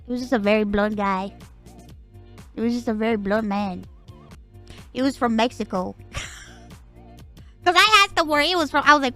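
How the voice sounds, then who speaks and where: A woman's voice: fairly high pitch, lively intonation, normal speed, long pauses, bright, forceful tone, soft background music. A woman from Puerto Rico with a Puerto Rican accent, chatting casually as a streamer, rambling, swearing and laughing a lot. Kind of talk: casual chat.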